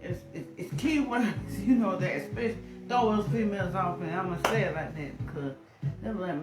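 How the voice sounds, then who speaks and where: A woman co-hosting a live relationship talk stream, animated and acting out what people say. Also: medium pitch, fairly quick. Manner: animated, acts out quoted lines. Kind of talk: casual live-stream chat. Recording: roomy sound with guitar music behind.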